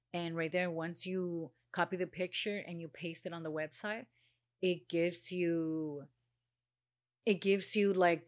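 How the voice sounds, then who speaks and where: A woman's voice: low voice, a bit bright, no room sound, studio quality. Blunt, swearing woman telling a story. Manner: blunt, swears freely, vents with quoted dialogue. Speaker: vlogger telling a personal story. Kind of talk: casual storytime monologue.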